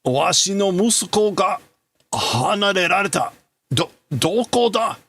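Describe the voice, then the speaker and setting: A man's voice: high voice, expressive, a little slow, fairly bright tone, husky, dry recording, voice pushed up, full character voice. A man voicing a grief-stricken scientist father who cries out in anguished bursts, reading manga lines aloud. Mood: frantic.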